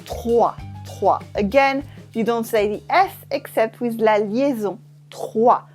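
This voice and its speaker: Slow French-accented woman teaching. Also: on the high side, darkish tone, faint music behind. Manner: slow, careful pronunciation drills, repeating each word. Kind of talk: scripted language lesson.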